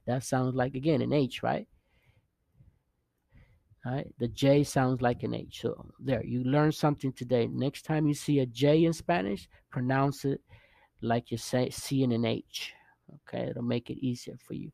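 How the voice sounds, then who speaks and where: A man gives a relaxed video language lesson at an unhurried pace, his voice carrying a noticeable gravelly fry. He patiently repeats each sound and keeps checking in with "okay?". The recording is close and dry, with little room sound. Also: medium pitch, no echo. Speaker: language teacher. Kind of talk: casual vlog-style lesson.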